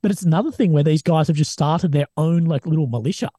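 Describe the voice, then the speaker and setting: A young Australian man talks casually, cursing often and slipping into other people's voices as he tells stories. His voice is mellow and a little husky, and it sits somewhat high for a man. The sound is dry and close. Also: quick pace, no room sound. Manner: swears a lot, animated retelling of others' words. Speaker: guest, army veteran and journalist. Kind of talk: casual interview talk.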